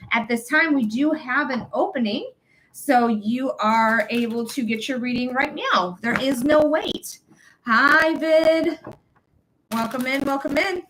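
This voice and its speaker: Chatty woman psychic, slightly high voice. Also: background noise. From United States. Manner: chatty, greets viewers by name with repeated welcomes. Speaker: psychic reader hosting a live stream. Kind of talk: casual live-stream chat.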